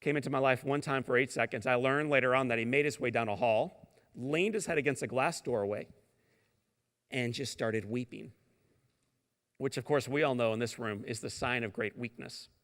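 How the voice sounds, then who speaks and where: A middle-aged man from St. Louis giving a motivational keynote, telling his story dramatically and moving between booming lines and near-whispers. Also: moderate pace, fairly bright tone. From St. Louis, Missouri. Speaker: keynote speaker. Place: large conference hall. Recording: long hall reverb.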